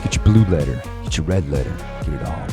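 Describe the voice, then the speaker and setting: Deep-voiced man ranting heatedly. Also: animated, fast talker, over loud music. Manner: heated, rambling, slangy, laughs to himself. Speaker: Bible study host. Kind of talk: casual ranting commentary.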